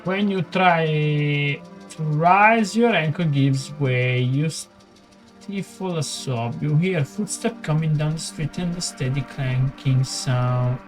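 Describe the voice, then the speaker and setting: Italian let's-play host, halting reader, slightly high voice, drawn-out pace. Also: male voice, faint music behind. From Italy. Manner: reads haltingly with stumbles and muttered asides. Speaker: gaming channel host. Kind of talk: let's play, reading game text aloud.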